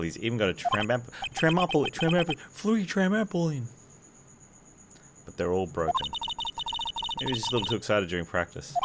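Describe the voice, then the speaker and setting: A man hosting a let's play, joking and commenting casually on the game, over loud game music. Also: sits low, very noisy. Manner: joking, laughs at his own gags.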